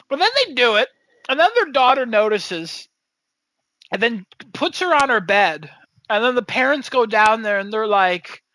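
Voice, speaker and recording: A woman's voice: a little high, animated, unhurried, bright, forceful tone, no room sound. A woman co-hosting a podcast, casually and animatedly retelling a story, swearing freely and acting out the voices. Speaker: podcast co-host. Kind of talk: casual chat.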